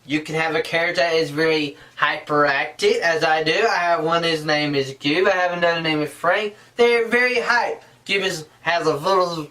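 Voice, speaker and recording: A man's voice: fairly high pitch, moderate pace, few pauses, pushed and bright, recorded from a distance. A man giving a casual how-to tutorial, talking in an earnest, rambling way and often restarting his sentences. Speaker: puppetry instructor.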